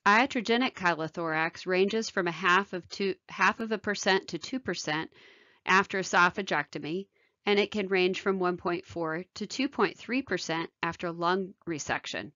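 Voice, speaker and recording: A lower-pitched woman surgeon narrates a medical lecture in a measured, technical tone. Her voice is close and dry, with a dull, lo-fi sound. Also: sharp tone, dry recording. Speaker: thoracic surgeon.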